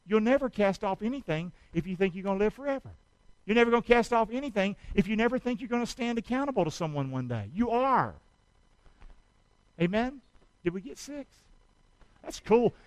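High-voiced preacher, call and response. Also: male voice, no room sound, poor audio. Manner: call-and-response preaching, swings from shouting to quiet. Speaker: pastor. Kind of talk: sermon.

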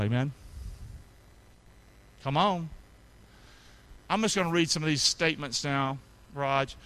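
A middle-aged male pastor preaching a sermon to his congregation, calling for responses and swinging between loud peaks and soft asides. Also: mid-range voice, steady tone, brisk, pauses often, clear, resonant tone. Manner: call-and-response preaching, rising to shouts then dropping soft. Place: church sanctuary with congregation.

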